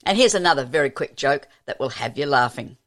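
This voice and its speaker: A man's voice: medium pitch, lively intonation, brisk, a bit bright. A man presenting a radio show, introducing the next items in a friendly announcer style. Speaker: radio host.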